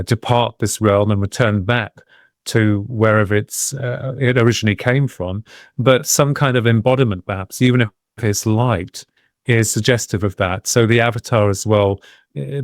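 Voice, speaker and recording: A guest on a podcast, a medium and UFO researcher, tells a long personal story in a reflective, wandering way, often pausing and restarting sentences. His voice is fairly low, and the recording sounds dry and close.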